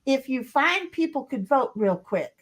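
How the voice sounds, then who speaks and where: A woman co-hosting a casual livestream chat, reading viewers' comments aloud in an animated, laughing way. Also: sits high, measured pace. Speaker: stream co-host.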